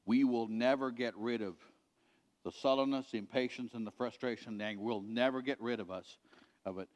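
A middle-aged man preaching a sermon as a pastor, earnestly repeating his points and letting them sink to a quiet finish. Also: medium pitch, steady tone, brisk. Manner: earnest, repetitive exhortation, dropping quiet at ends of points. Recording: reverberant hall.

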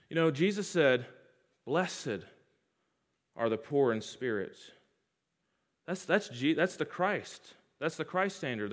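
A man preaching a sermon, leading his congregation in call-and-response with emphatic repetition, swinging between loud, raised passages and hushed, low ones. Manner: sweeping pitch and loudness swings between loud highs and hushed lows.

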